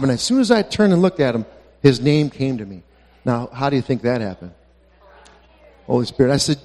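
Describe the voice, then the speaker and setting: A man's voice: mid-range voice, animated, fairly quick, mellow, big-room sound. A married man earnestly telling a church testimony, often repeating "man" and "I says". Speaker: church member giving testimony. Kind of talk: testimony story.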